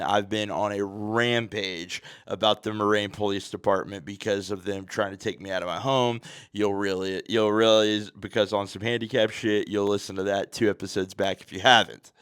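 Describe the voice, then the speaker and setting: A man's voice: lowish voice, a bit bright, dry recording, clean studio sound. A man hosting a podcast, telling a story in a casual, profane, slang-heavy way. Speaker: podcast host.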